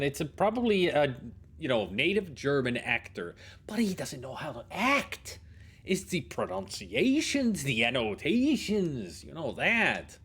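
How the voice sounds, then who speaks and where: Animated, rambling gaming streamer man. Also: a little high, breathy edge. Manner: rambling, animated, swears and riffs. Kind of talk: casual gameplay commentary.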